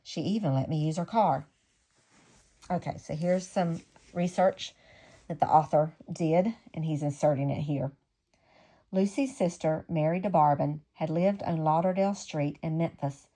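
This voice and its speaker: A woman reading a memoir aloud in a measured, unhurried way, stopping now and then for casual asides. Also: sits low, warm tone. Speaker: audiobook reader.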